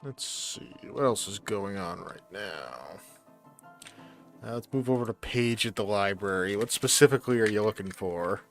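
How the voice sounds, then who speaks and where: A man running a tabletop role-play game as game master, speaking in a relaxed, unhurried way. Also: fairly low pitch, faint music behind.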